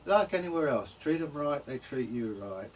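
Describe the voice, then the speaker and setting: A man's voice: fairly high pitch, lively intonation, normal speed, slight background noise. An English man co-hosting a vlog in casual chat, rambling and trailing off mid-sentence. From England. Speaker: vlog co-host.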